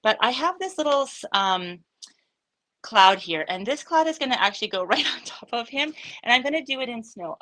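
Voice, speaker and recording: A woman's voice: fairly high pitch, lively intonation, normal speed, fairly bright tone, poor audio. A woman hosting a live craft demonstration, chatty and upbeat, thinking aloud with frequent fillers. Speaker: craft studio host.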